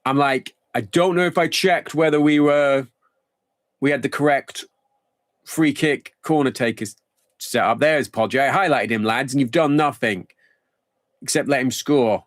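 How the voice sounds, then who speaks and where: A man's voice: medium pitch, unhurried, no room sound, studio quality. Chatty man musing over his game. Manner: rambling, thinking aloud, chatty. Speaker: game streamer. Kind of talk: casual live-stream commentary.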